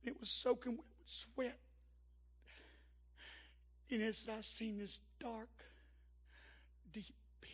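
A man preaching a Pentecostal camp meeting sermon, rising to chanted shouts and dropping to a hush. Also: flat delivery, slow, long pauses, husky. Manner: shouting, chanting cadence at its peaks, then dropping low and hushed.

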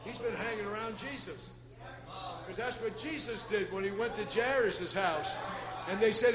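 A man preaching a Pentecostal sermon in a folksy way, swinging between loud shouting and soft asides. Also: sits high, moderate pace. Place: church. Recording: echoey church hall with ambience.

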